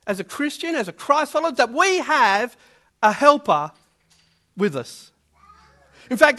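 High-voiced, bright male preacher. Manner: emphatic, repeats key words. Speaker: pastor. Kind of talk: sermon with opening prayer.

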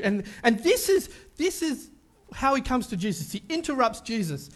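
A man's voice: extremely high pitch, very animated, normal speed. A male pastor gives a conversational sermon and keeps checking in with his listeners.

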